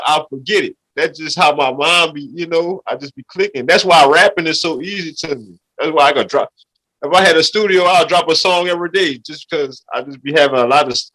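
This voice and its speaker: A man's voice: a little high, sharp tone, rough recording. A middle-aged man from Louisiana, a rapper guest talking loosely and repetitively in a casual podcast chat. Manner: loose, repetitive street talk, "you feel me".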